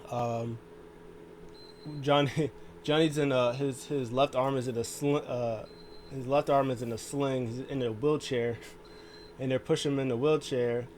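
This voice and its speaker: A man's voice: mid-range voice, fairly even intonation, a little slow, a little mellow, slight background noise. A man casually recapping a wrestling show, rambling along with lots of fillers. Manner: rambling, full of fillers and restarts. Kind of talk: casual chat.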